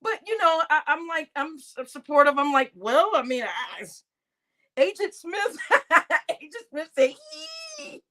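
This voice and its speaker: A woman hosting a livestream, chatting casually and gossiping with viewers, often laughing and breaking into loud exclamations. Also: sits high, lively intonation, unhurried. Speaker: livestream host.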